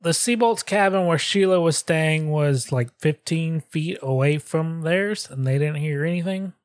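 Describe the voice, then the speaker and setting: A young man co-hosts a podcast, telling the details of a case in a loose, crude way. His voice sits fairly high. The sound is dry and close, with no room around it. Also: a little slow, dry recording. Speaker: podcast co-host. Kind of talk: casual podcast chat.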